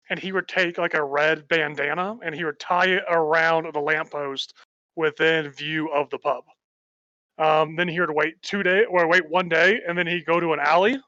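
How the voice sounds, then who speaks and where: A man's voice: on the high side, bright, forceful tone, no echo. A man playing in a tabletop game, explaining his plan step by step. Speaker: player. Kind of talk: casual chat. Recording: dry, dull lo-fi mic.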